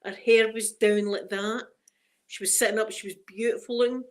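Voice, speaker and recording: Teary Scottish mum chatting live. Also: female voice, a little high, fairly even intonation, moderate pace. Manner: emotional, tearful, greeting viewers by name. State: holding back tears. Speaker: livestream host. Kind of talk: casual live chat.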